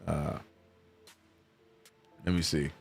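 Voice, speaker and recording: A man hosting a casual live watch-along stream, reading viewer chat aloud and reacting with sudden high exclamations. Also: little pitch movement, drawn-out words, vocal fry, husky, faint music behind. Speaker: streamer host.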